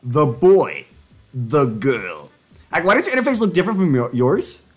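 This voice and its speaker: A young man live-streaming, chatting casually and joking excitedly with himself while working through language drills. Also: moderate pace, faint music behind. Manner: jokey, excitable, laughing self-commentary with sudden pitch jumps.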